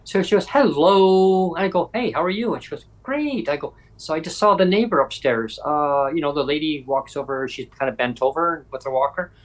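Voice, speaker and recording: Brief: male podcast host from Canada, casual storyteller, slightly high voice, animated quoting. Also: brisk, few pauses. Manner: animated, acts out quoted voices. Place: home.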